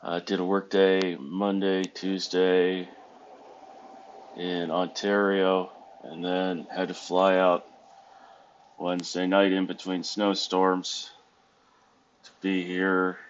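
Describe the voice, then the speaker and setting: A man's voice: sits low, monotone, takes it slowly, long pauses, lo-fi sound, a little hiss or hum. A tired man from the United States talking casually in a rambling, self-correcting, wry way from a hotel room. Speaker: vlogger. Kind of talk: casual vlog monologue.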